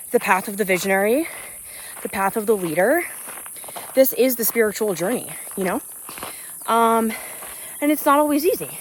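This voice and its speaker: Earnest woman vlogging on a hike. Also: a little high. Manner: earnest, uplifting, loose and rambling with fillers. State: slightly out of breath from hiking. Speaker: spiritual business coach. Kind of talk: unscripted motivational vlog on a walk. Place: outdoors on a hiking trail in nature. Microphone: phone without an external mic. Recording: faint outdoor noise, phone mic. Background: crickets and insects.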